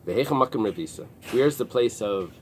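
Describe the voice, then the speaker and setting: A man teaching a Talmud class, pausing and restarting often as he explains the text. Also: on the low side, animated, a little hiss or hum. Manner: explains in halting restarts with many fillers. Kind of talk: early-morning Talmud class. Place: synagogue study room with a small group.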